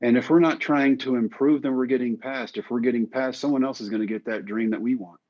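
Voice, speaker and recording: A man's voice: mid-range voice, fairly even intonation, brisk, a little mellow. A man being interviewed who tells his story with wry, self-mocking humor and acts out the dialogue. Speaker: guest. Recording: slightly dull, lo-fi audio.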